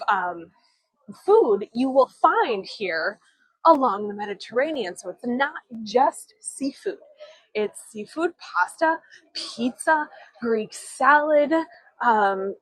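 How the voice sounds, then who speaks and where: A woman's voice: a little high, husky, no room sound, rough recording. A woman from Chicago, leading a live-streamed walking tour outdoors on city streets, chatty and giggly, with storytelling asides. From Chicago, USA. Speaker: tour guide.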